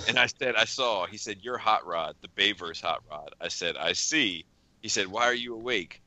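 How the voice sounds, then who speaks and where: A man's voice: fairly low pitch, normal speed, sharp tone, no echo. A man hosting a casual podcast chat, telling a long story and reading out text messages with frequent laughs. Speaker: podcast host.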